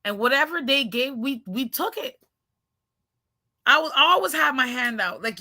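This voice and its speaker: High, bright-voiced woman joking with viewers. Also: animated, a little slow. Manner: brash, joking, laughs often, says "shoot". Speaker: channel host. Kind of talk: casual chat with viewers.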